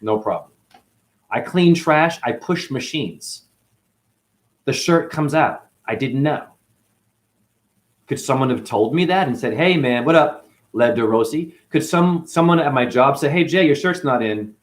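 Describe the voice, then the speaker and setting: A man's voice: mid-range voice, expressive, measured pace. Emotional man telling a grievance story. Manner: emotional, recounting grievances with acted quotes. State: chronic hip pain. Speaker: janitor. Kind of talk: personal vlog storytelling.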